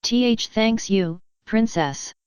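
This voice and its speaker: A woman's voice: a little high, extremely slow, clean tone, no room sound, voice pushed up. A woman doing a stammering, timid little pony filly. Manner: stammering, tearful and apologetic.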